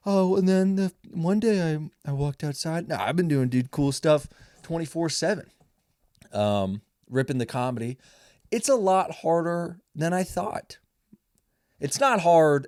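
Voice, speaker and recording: A man's voice: fairly high pitch, a little mellow, dry recording, clean studio sound. A young man hosting a casual solo podcast, rambling and swearing freely, mocking himself as he talks. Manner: rambling, profane, self-mocking. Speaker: podcast host.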